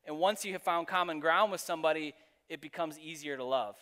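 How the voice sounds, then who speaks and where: A man's voice: fairly high pitch, brisk, sharp tone, in a large hall. A man giving a sermon as pastor, speaking in a conversational, personal storytelling manner.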